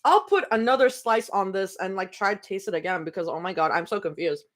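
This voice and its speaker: A woman's voice: medium pitch, brisk. A young woman streaming from home, chatting casually and rambling between snacks during a live reading. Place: home room.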